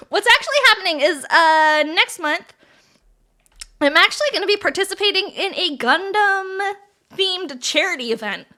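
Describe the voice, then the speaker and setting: A woman's voice: very high-pitched, sharp tone. A woman streamer chatting casually with her viewers while building model kits, playful and giggly, with frequent swearing. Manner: giggly, profane, playful banter with chat.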